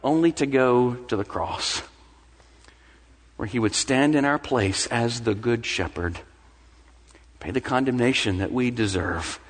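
A man's voice: mid-range voice, a little slow, pauses often. A young adult man preaching a sermon as pastor. He speaks earnestly and repeats phrases for emphasis. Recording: long hall reverb.

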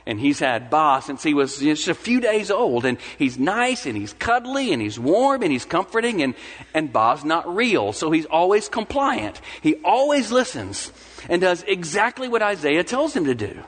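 A man's voice: on the high side, sing-song, normal speed, a bit bright, husky. A young adult man preaching a sermon as pastor. He speaks earnestly and repeats phrases for emphasis. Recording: long hall reverb.

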